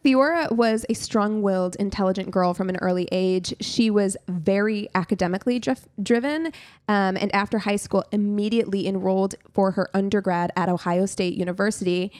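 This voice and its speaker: A woman's voice: mid-range voice, moderate pace, darkish tone, no echo. A woman co-hosting a podcast who tells a true crime story in a loose, chatty way, full of "like" and "um". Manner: chatty, frequent "like" and "um", laughs often. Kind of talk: casual conversational storytelling.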